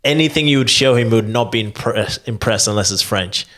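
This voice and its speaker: A man's voice: medium pitch, fairly quick, bright, forceful tone. A young man, ranting profanely and telling stories on a comedy podcast. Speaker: podcast co-host. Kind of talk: casual comedy rant.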